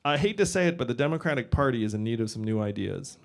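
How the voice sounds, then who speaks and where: A man in his forties delivers a campaign speech to a live audience. He talks in a loose, conversational way, with quick asides and a medium pitch. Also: lively intonation, creaky, heavy background noise. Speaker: political candidate speaking to a crowd. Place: event venue with a live audience.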